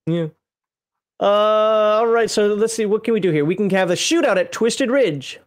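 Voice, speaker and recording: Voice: medium pitch, moderate pace. A co-host in casual chat, reading entries from a game book aloud with playful asides and frequent laughter.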